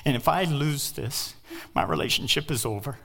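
An older man preaching a sermon as pastor, emphatic, with sudden loud outbursts and joking asides. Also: medium pitch, lively intonation, moderate pace, gravelly, breathy edge.

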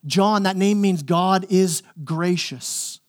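High-voiced man preaching a sermon. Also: slow pace. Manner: conversational and emphatic, repeats words when pressing a point. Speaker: pastor.

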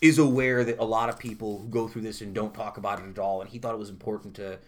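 A man's voice: on the low side, steady tone, quick pace. A man co-hosting a podcast in casual chat, reading trivia aloud and breaking off into joking asides. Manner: chatty, jokey, reads trivia aloud with asides. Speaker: podcast co-host.

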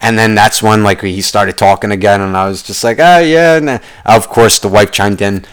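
Brief: young male ranter, low-pitched voice, swears constantly, rambling and animated. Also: moderate pace, hardly any pauses, clear, resonant tone. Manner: profane, rambling, animated storytelling. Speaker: podcast host. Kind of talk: casual ranting monologue.

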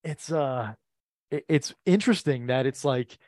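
A man's voice: mid-range voice, a little mellow, no room sound, studio quality. Easily laughing podcast co-host man. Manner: laughs easily, halting restarts. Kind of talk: casual sports chat.

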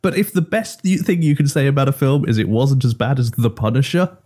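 A man's voice: mid-range voice, animated, fairly quick, dark tone. A man co-hosting a casual podcast chat about comic book films, joking wryly. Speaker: podcast co-host.

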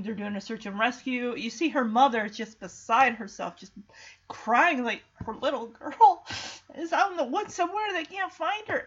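A woman's voice: a little high, fairly bright tone. Chatty woman retelling a movie. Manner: chatty and emotional, many fillers. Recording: dull lo-fi recording.

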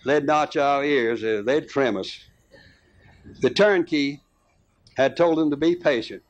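A man reading a rural tale aloud as narrator, unhurried, with small restarts and fillers. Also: a little high, highs cut off.

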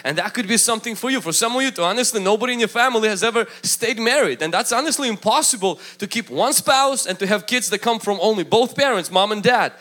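A man's voice: high-pitched, expressive, fast talker, hardly any pauses, bright, forceful tone. A man preaching a sermon with emphatic delivery, acting out the voices he quotes. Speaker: pastor.

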